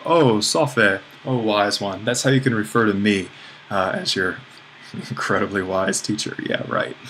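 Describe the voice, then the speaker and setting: A man who is a teacher, giving a casual lecture with worked examples in a relaxed, self-deprecating way, thinking aloud as he goes. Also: fairly low pitch, a little hiss or hum.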